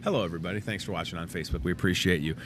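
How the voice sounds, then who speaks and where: A man's voice: low voice, fairly even intonation, racing, slight background noise. A man hosting a casual store talk show, running through weekly deals with goofy, self-mocking chatter. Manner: goofy and chatty, jokes at himself.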